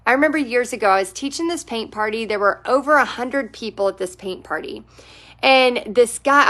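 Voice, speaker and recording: A woman's voice: high voice, a bit bright. A woman who teaches painting, hosting a live stream and talking casually to viewers in a chatty, encouraging manner.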